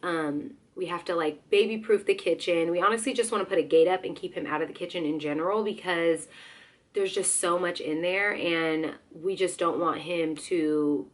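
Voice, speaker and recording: A young woman vlogging in a casual, animated way, her voice hoarse. She sits a little low in pitch and keeps up a lively, chatty flow with playful asides. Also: normal speed. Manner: chatty, animated, slips into excited quoted voices. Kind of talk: casual chat.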